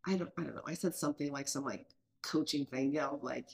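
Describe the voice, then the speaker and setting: A woman's voice: low-pitched, fast talker, vocal fry. Earnest woman in her thirties. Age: mid-30s. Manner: earnest, thinks aloud with many restarts. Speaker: podcast host. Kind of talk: casual parenting podcast chat.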